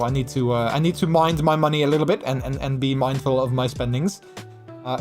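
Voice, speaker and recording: A man hosts a live stream, talking to his chat in a gushing, animated way that keeps restarting mid-sentence. His voice sits a bit high, and faint music plays behind him.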